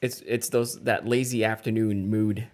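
A man co-hosting a casual podcast over a video call, relaxed, stammering and laughing a lot. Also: lowish voice, moderate pace. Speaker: podcast co-host. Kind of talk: casual chat.

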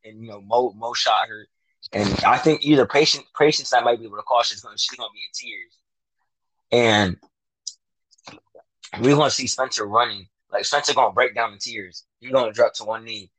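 There's slight background noise and low recording quality as a man with a medium-pitched, somewhat bright voice talks at a moderate pace. A fan of a TV show, he casually predicts the plot in slangy, rambling speech, correcting himself and voicing the lines he envisions.

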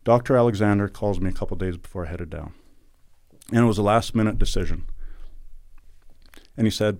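A middle-aged man from Alberta, Canada, speaks as an interview guest in a fairly low, warm and mellow voice. He talks earnestly and with indignation, leaning hard on the points he makes. The recording is dry and close. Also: a little fast, pauses often, no echo. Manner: earnest and indignant, emphatic recounting. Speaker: podcast guest. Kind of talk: conversational interview storytelling.

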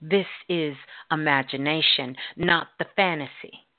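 A middle-aged woman radio host telling a story in a slow, drawn-out, emphatic way. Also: low voice. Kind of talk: storytelling talk. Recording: tinny phone-like line.

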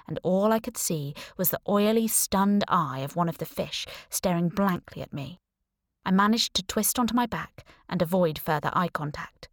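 A woman narrating a first-person audiobook with wry, deadpan humor and hushed asides. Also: mid-range voice, dry recording, studio quality.

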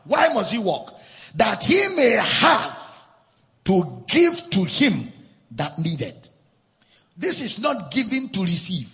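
A man's voice: high-pitched, wildly swooping pitch, takes it slowly, pauses often, fairly bright tone, in a large hall. A man preaching a sermon as a pastor, driving his points home with repetition and sing-song emphasis.

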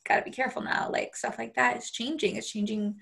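A woman's voice: fairly high pitch, steady tone, quick pace, gravelly, a bit bright. A woman hosting a podcast interview, chatting earnestly with many fillers. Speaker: podcast host. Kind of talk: casual interview chat.

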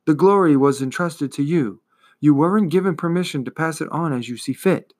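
A man voicing a weary, despairing little male horse, speaking softly and low in a storybook reading. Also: brisk, close to an everyday voice. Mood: resigned.

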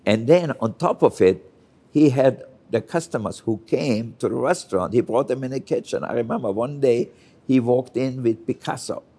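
An older man from Austria speaks as a guest chef in an interview. His voice has a gravelly, slightly husky grain. He tells candid anecdotes and briefly takes on the voices of the people in them. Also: mid-range voice, moderate pace, mellow. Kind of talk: storytelling interview.

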